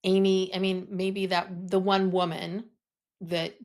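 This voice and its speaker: A woman's voice: medium pitch, little pitch movement, takes it slowly, darkish tone. A woman co-hosting a podcast in casual chat, rambling and hesitant with many restarts. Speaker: podcast co-host.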